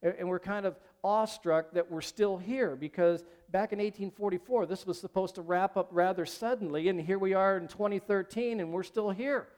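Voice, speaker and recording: A man's voice: high-pitched, normal speed, hardly any pauses, a little mellow. A man preaching a sermon as pastor at a church service, talking conversationally and asking the congregation questions.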